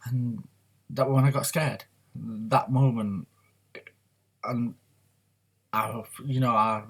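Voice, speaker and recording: A man's voice: medium pitch, steady tone, very slow, long pauses, husky. A man talking openly in a rambling, confessional way on his personal vlog. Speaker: vlogger. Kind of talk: candid personal vlog talk.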